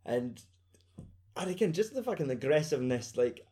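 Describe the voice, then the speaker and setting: Scottish male co-host, casual sweary chat, animated retelling. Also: on the high side, moderate pace.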